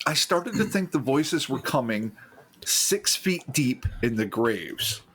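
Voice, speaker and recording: A man hosting a casual podcast, reading listener stories aloud with animated, joking outbursts. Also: slow, a little hiss or hum. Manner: animated, swearing, laughs and jumps into loud high outbursts.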